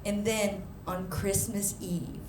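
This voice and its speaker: A woman performing a stand-up comedy set, animated, jumping into loud high mock voices for punchlines. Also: slow pace, background noise. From United States. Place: comedy venue stage. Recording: echoey live venue, faint ambience.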